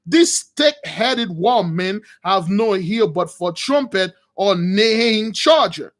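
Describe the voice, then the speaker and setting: A man's voice: sits high, lively intonation, takes it slowly, fairly bright tone, full character voice. A man voicing a lazy, pleasure-loving young king who talks in a dismissive, slangy drawl.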